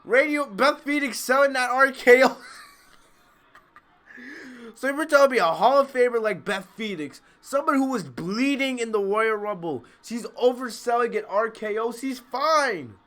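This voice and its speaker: Brief: man, very high bright voice, brash excitable wrestling reactor, laughs a lot. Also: normal speed. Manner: excitable, brash, laughs often, trash-talks. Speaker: wrestling YouTuber. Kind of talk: live reaction commentary.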